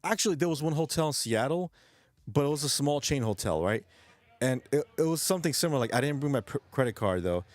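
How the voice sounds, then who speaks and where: Talking fast and animatedly in a mid-range voice, a man hosting a late-night stream chats casually with viewers. He swears a lot, rambles, restarts his sentences, and says he came from New York.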